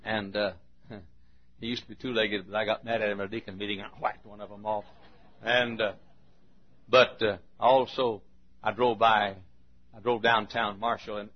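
An older man, a pastor preaching a sermon in a folksy storytelling manner, dropping to a hush and then bursting out loud. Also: on the low side. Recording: dull, lo-fi archival sermon recording.

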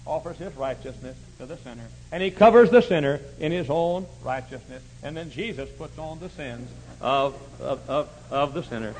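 A man preaching a sermon, telling folksy stories and swinging from quiet asides to shouting. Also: fairly high pitch, moderate pace, hardly any pauses, slight background noise, low-quality recording. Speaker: pastor.

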